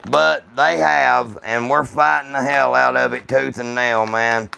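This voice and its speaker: A man runs a casual livestream with rough, profane banter for his viewers. His voice is heavily gravelly yet bright and clean, and he takes his time with every phrase. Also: medium pitch, fairly even intonation, unhurried, slight background noise. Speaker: gun channel livestream host.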